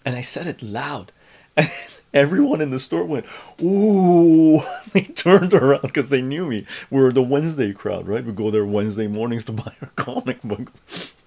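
A man from Canada hosts a livestream and tells a story with lots of animation, laughing between lines. His voice has a gravelly edge and sits at an ordinary pitch. He talks into a lapel mic. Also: normal speed. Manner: animated anecdote-telling, laughs often, tag questions. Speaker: livestream host.

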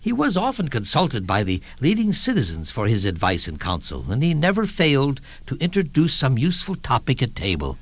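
A man's voice: mid-range voice, wildly swooping pitch, fairly quick, few pauses, dry recording. An actor playing a witty old statesman raconteur. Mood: amused. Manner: wry, chuckling storyteller. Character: elderly male statesman, witty, wry raconteur. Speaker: stage actor in a one-man show. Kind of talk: theatrical storytelling monologue.

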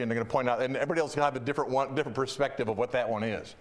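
A middle-aged man preaching a sermon as pastor, telling stories in an animated, emphatic way. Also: mid-range voice, very fast.

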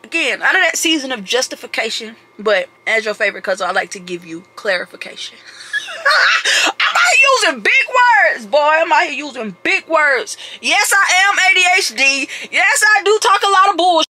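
A man vlogging casually while driving, animated and excitable with loud outbursts, recorded on a phone inside a moving car. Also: very high voice, a little fast, few pauses. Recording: car road noise.

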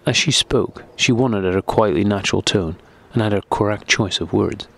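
A man with a deep, low voice narrates a classic novel in a steady, even audiobook reading. The pace is unhurried and scripted. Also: gravelly, slightly rough.

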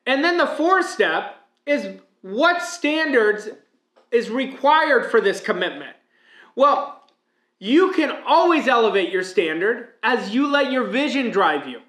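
A man's voice: very high-pitched, sing-song, slow pace, a bit bright. A man giving a motivational speech as a mindset coach, emphatic and preaching, with many rhetorical questions. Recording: echoey room.

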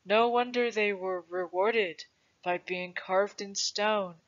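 A reader voicing an old grandfather who tells a legend to his grandson in a patient, gentle way. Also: mid-range voice, fairly even intonation, slow pace, close to an everyday voice. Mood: tender. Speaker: storyteller. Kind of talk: storybook reading. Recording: dull lo-fi recording.

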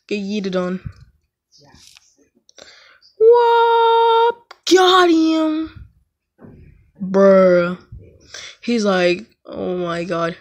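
Young woman gamer, unhurried slangy commentary, mid pitch, bursts of yelling. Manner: slangy, says "bruh" often, sudden excited yelps. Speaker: gaming YouTuber. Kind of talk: casual gameplay commentary. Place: home.

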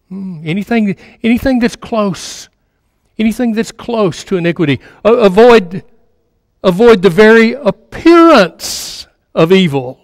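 A man's voice: sits high, expressive, measured pace, no echo, studio quality, in a large hall. A man preaching a sermon in a conversational way, repeating phrases for emphasis and sometimes dropping to a near-murmur. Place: church sanctuary.

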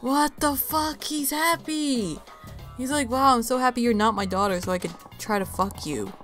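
A woman streamer giving loud, profane, excitable commentary as she plays a game, mocking the characters. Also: fairly high pitch, moderate pace, soft background music. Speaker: gaming streamer. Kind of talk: let's play commentary.

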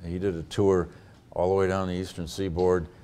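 Deep-voiced man answering audience questions. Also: flat delivery, normal speed, mellow, slight background noise. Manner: thoughtful, with frequent hesitations and restarts. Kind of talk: lecture Q&A. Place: lecture hall with an audience.

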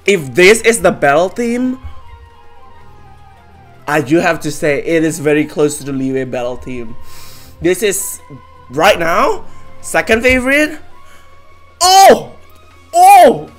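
A streamer giving excited live reaction commentary, full of exclamations and swearing. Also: medium pitch, slow pace, long pauses, faint music behind.

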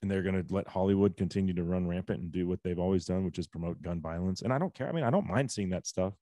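A man's voice: deep voice, fast talker, dark tone, no echo, studio quality. A man in his forties hosting a casual talk show, ranting bluntly with rhetorical questions. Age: 40s. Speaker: host. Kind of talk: casual podcast chat.

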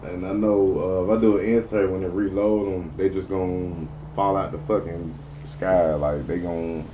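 A man's voice: low-pitched, fairly even intonation, normal speed, lo-fi sound, background noise. A man giving rambling, profane gameplay commentary as he talks to his viewers. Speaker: gaming streamer.

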